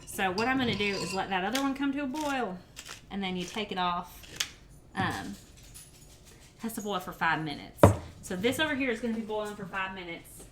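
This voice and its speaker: In a very noisy recording, a cooking streamer with a medium-pitched, expressive voice speaks briskly to her chat while making food at home. Dishes, pots and pans clank in the background.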